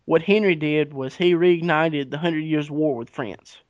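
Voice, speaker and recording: A man's voice: fairly high pitch, fairly even intonation, measured pace, a little mellow, no echo. A man, casually retelling history on a podcast with profanity and acted-out dialogue. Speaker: podcast co-host. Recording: dull lo-fi recording.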